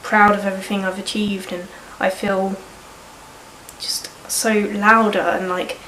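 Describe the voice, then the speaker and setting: A woman's voice: medium pitch, little pitch movement, unhurried, bright, forceful tone, reverberant, a little hiss or hum, poor audio. A woman in her early twenties with a cold, vlogging in a frank, rambling way and swearing casually. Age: early 20s. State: sniffly with a cold. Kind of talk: candid personal vlog.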